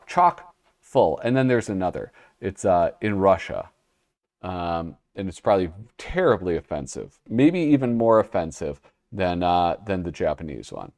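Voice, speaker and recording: Chatty man with a lively, lowish voice. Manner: chatty, laughing at himself, mock-dramatic reading. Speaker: podcast host reviewing old magazines. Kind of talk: casual commentary and reading aloud.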